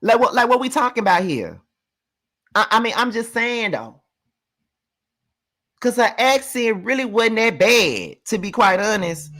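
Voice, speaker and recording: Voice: medium pitch, sing-song, measured pace, pauses often, a bit bright. Mississippi drawl, blunt and profane. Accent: Mississippi Southern. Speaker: live review host. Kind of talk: casual live commentary.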